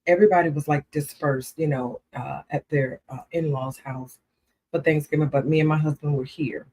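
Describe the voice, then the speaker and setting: Animated laughing woman telling a story. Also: deep voice, normal speed. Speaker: co-host. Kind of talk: casual chat.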